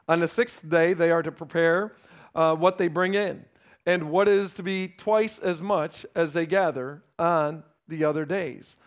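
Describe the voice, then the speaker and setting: A man preaching a sermon, reading scripture and acting out complaining voices, then dropping to quiet emphasis. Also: high voice, steady tone, moderate pace. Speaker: pastor.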